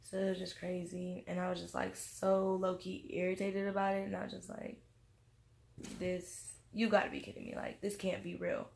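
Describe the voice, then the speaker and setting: Tipsy young woman telling a story, gravelly. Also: fairly low pitch, normal speed. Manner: animated, slangy storytelling with acted-out quotes. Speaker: vlogger. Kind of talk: casual storytime monologue.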